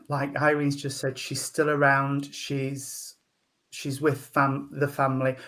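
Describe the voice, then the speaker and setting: A man giving a mediumship reading at a service, speaking gently and hesitantly with many pauses. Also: medium pitch. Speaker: spiritualist medium.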